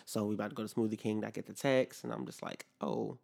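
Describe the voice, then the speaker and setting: Young male podcast host, gravelly voice, animated and profane, casual storytelling rant. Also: fairly low pitch, fast. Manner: animated, profane, acts out both sides of conversations.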